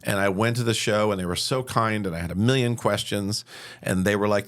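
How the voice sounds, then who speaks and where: As a podcast guest, a man from upstate New York in his fifties tells personal stories with animation, acting out people's quotes. His voice is low-leaning and brisk.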